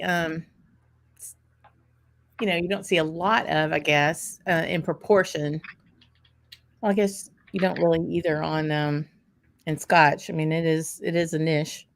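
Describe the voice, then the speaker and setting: Woman, host, rambling casual chat, lots of fillers, slightly low pitch. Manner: chatty, rambling with many fillers.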